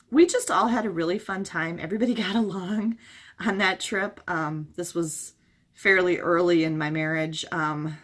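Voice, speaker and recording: A hoarse middle-aged woman chatting casually as a travel vlogger, rambling through memories with many fillers. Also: sits low, fairly bright tone. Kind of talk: casual chat.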